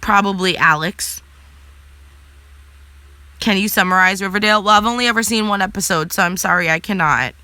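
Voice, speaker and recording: A woman's voice: mid-range voice, a little fast, pauses often, bright, forceful tone, no echo. A young adult woman vlogger chatting casually and answering live comments, blunt and sassy, swearing freely.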